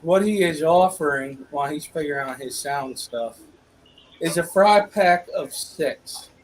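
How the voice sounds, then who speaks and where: A man's voice: on the high side, a little slow, slight background noise, low-quality recording. A man hosting a casual live-stream fish auction, upbeat and loose, talking straight to his viewers. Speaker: auction host.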